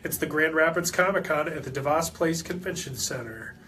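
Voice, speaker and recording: A man's voice: fairly high pitch, a little fast, bright, forceful tone, slight background noise. A man hosting a casual podcast, teasing his co-hosts and reading out event listings. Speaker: podcast host. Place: podcast studio.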